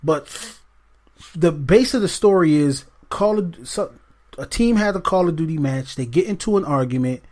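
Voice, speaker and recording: Man, higher-pitched, animated, casual podcast co-host, acts out quotes. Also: moderate pace. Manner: animated, acts out quotes, asks "you see what I'm saying". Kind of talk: casual chat.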